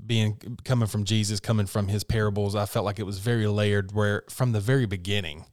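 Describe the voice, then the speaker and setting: A man co-hosting a podcast in casual chat, answering with short agreeing words and explaining slowly with hesitations. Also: fairly low pitch, steady tone, darkish tone, no echo, clean studio sound. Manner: quick affirming interjections, thoughtful and hesitant when explaining. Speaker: podcast co-host, preacher.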